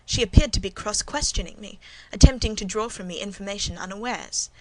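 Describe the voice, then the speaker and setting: A woman reading a classic novel aloud as a first-person narrator, in an even, measured audiobook style. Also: medium pitch, rough recording. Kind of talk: scripted narration.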